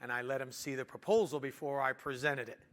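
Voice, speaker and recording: A man telling a business story in an animated way, acting out what people said to him. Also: medium pitch, fast talker. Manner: animated, acts out quotes. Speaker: business owner and speaker.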